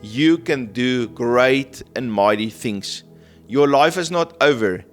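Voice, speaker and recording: A man preaching a prophetic sermon in a gentle, earnest manner, often checking in with "okay?" and "right?". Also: medium pitch, animated, slow pace, soft background music. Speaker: prophetic minister. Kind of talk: sermon teaching.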